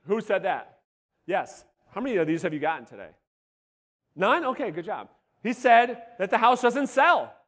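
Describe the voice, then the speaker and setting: A man with a high, straining voice that is wearing hoarse, firing questions at a live audience with blunt, profane energy. His talk rings with the long echo of a large hall. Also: big pitch swings, normal speed, fairly bright tone. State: voice going hoarse. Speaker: real estate sales coach. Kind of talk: live seminar talk to a room. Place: seminar room before a live audience.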